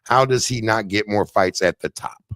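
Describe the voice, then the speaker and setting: A man hosting a relaxed interview, his voice sitting on the low side. He rambles and restarts his sentences as he goes. The sound is dry and close. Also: normal speed, dry recording. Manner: loose, rambling, restarts often. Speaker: show host and fighter. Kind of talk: casual interview chat.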